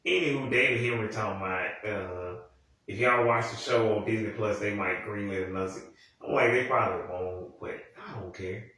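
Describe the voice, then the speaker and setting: A man's voice: moderate pace, pushed and bright. Young man, casual profane rant, rambling and exasperated; heavy room echo, sits well back from the mic. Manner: profane, rambling, exasperated, with sudden high-pitched outbursts. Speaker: TV commentator. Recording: very echoey room, voice from far off the mic.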